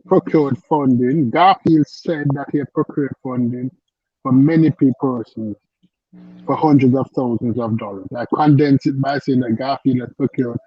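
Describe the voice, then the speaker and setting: A man's voice: medium pitch, husky, dry recording, muffled recording. A man with a French accent, a caller on a live online panel, arguing insistently and repeating himself to make his point. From French-speaking.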